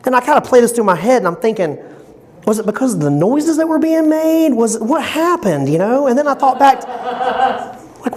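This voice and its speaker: A man's voice: extremely high pitch, darkish tone. A man doing a stand-up comedy set, rambling through a story and repeatedly checking in with the crowd. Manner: rambling, fast storytelling with constant "you know what I'm saying".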